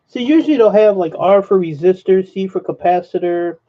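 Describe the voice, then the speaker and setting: A man's voice: high voice, unhurried. A man casually narrating as he sorts scrap circuit boards, rambling and blunt, talking to viewers. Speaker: e-waste scrapper vlogger. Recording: lo-fi dull audio with faint noise.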